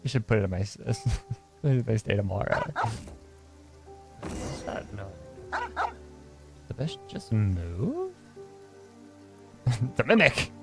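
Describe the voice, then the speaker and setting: A man's voice: fairly low pitch, wildly swooping pitch, slow pace, gravelly, pauses often, over music. A man hosting a casual let's-play, reading game dialogue aloud between comments and laughing often. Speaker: gaming channel host.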